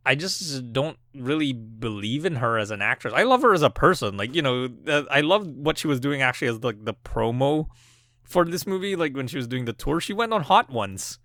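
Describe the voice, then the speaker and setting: Bright-voiced guy rambling on a movie podcast, lots of likes and you knows, dry close sound. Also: medium pitch, animated, brisk, no room sound. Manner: rambling, many fillers and restarts, laughs often. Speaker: podcast co-host. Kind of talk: casual film podcast chat.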